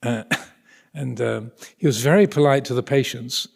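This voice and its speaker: A man's voice: mid-range voice, measured pace, creaky, a little mellow, breathy edge. A man telling an anecdote in a spiritual talk, rambling and hesitant, with many restarts and occasional chuckles. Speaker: speaker addressing an audience.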